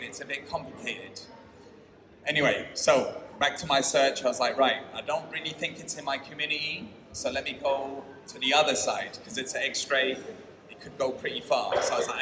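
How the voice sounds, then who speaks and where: Man, live storytelling, acts out his thoughts, distant mic, loud background noise. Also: mid-range voice. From London. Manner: animated, acting out his own thoughts in quotes. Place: stage at a live storytelling night. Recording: echoey hall, mic far off, noisy.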